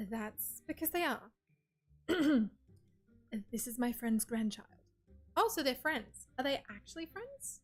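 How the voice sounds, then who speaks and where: A woman's voice: high-pitched, expressive, takes it slowly, pauses often. A young woman streamer giving casual, rambling commentary while playing a story game, chatty and full of "like". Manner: chatty, rambling, with frequent "like" and laughs. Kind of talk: casual let's-play commentary.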